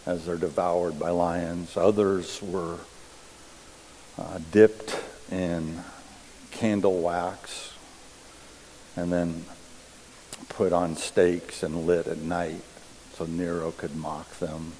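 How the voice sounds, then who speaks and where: A man preaching a sermon in a church, reading scripture and explaining it deliberately. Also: deep voice, steady tone, darkish tone, a little hiss or hum. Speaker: pastor. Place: church sanctuary. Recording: long reverb of a church hall.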